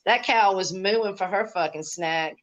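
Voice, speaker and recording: A woman's voice: medium pitch, unhurried, fairly bright tone, lo-fi sound. A woman hosting a casual livestream chat, gossiping and laughing about online drama. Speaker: host.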